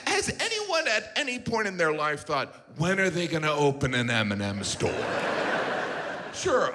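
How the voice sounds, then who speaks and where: A man performs stand-up in a wry, incredulous tone, his fairly high voice swinging through a lively pitch range. Mock outrage colors his punchlines. Clear noise from a live show sits behind him. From United States. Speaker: stand-up comedian. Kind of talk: stand-up comedy. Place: stage before a laughing audience.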